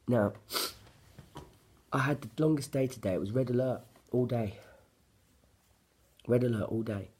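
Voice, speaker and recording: A man's voice: fairly low pitch, dark tone, slightly rough. A man, telling a personal story to camera in an agitated, profane, blunt ranting way. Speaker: vlogger.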